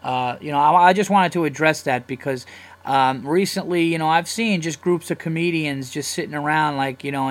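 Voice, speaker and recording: A young man hosting his own podcast, talking in a loose, profane, rambling way that gets excitable. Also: fairly high pitch. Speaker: podcast host. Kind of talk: casual solo podcast rant.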